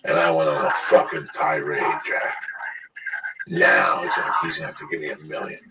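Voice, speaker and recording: A man's voice: very deep voice, fairly even intonation, moderate pace, gravelly. A man in his sixties in casual chat, telling rambling, profane stories as a podcast host. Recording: distant mic with loud background noise.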